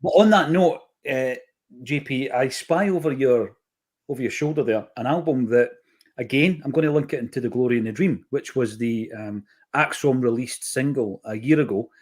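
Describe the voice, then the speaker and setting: A man's voice: medium pitch, moderate pace, a little mellow. A man hosting a podcast, chatty and enthusiastic as he links topics together. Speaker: podcast host. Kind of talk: casual podcast chat.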